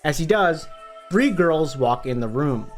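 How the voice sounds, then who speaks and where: A man's voice: fairly high pitch, lively intonation, a little slow, soft background music. A man narrating a book summary for his online channel, upbeat and conversational, with the odd casual swear. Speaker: book review YouTuber.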